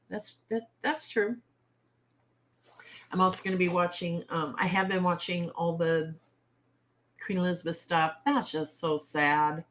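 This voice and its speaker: A woman hosting a casual livestream chat, blunt and outspoken, with salty turns of phrase and questions thrown straight to her viewers. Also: lowish voice. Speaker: author and livestream host.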